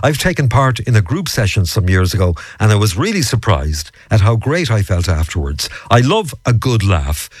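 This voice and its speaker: A low-voiced man hosts a morning radio programme, his delivery swinging widely and chattily in pitch. The studio sound is dry and close. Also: normal speed, hardly any pauses, breathy edge, no echo. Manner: chatty, lively intonation. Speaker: radio presenter.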